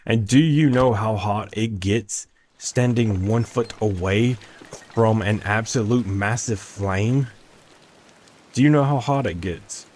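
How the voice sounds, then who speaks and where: Low-voiced rambling young man streamer. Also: slow, darkish tone, a little hiss or hum. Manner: rambling, self-interrupting, chatty. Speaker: gaming streamer. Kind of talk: casual gameplay chat with chat.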